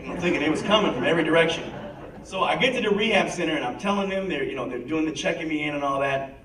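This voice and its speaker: Animated man telling his story in a hall. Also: fairly high pitch. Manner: animated storyteller acting out quoted voices. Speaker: guest speaker. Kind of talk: personal recovery story told to an audience. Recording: echoey hall, mic from a distance.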